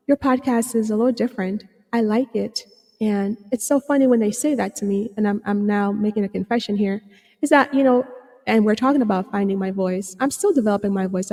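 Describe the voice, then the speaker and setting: A woman hosting her own podcast as a psychotherapist, talking earnestly with many fillers and restarts, a little hoarse. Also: mid-range voice, dark tone, big-room sound. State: slightly hoarse, clearing her throat. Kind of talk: reflective solo podcast talk.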